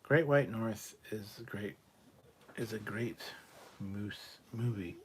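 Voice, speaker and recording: Reading his livestream chat out loud, this host tosses off casual, profane replies to viewer comments. His voice is lowish and slow, with a little hiss or hum in the background.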